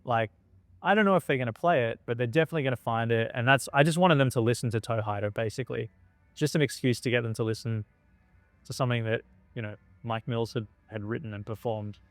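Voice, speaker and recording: A man's voice: medium pitch, fairly quick, no echo, soft background music. A middle-aged man who founded a record label, recounting anecdotes in a documentary interview and acting out the dialogue of the people in them. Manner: animated anecdote-telling, acting out quoted dialogue.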